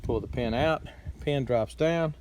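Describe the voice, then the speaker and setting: A man's voice: mid-range voice, darkish tone, a little hiss or hum. Plainspoken man fixing farm gear. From Texas. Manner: plainspoken, halting, many fillers and restarts. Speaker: farm channel host. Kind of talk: casual how-to repair video.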